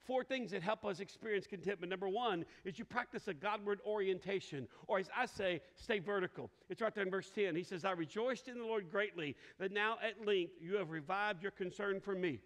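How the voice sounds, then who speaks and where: A man preaches in a high, bright voice, spinning folksy stories full of quoted voices and playful asides. His words ring out through a large church hall with a long reverb tail. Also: a little fast, few pauses. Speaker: pastor. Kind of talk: sermon.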